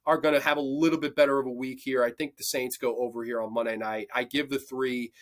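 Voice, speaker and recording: A man's voice: medium pitch, little pitch movement, fast talker, fairly bright tone. A young man hosting a football picks show, talking casually with lots of swearing and passionate rants. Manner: profane, passionate ranting. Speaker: sports picks host. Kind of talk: casual sports betting commentary.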